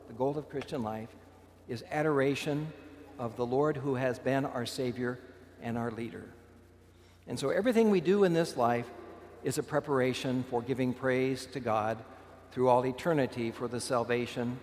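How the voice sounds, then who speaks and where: A man giving a homily in a church, his voice a little higher than most men's. He explains the readings in an earnest teaching way and sometimes restarts a phrase. A long reverb trails after each line. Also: darkish tone. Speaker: Catholic priest. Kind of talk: sermon.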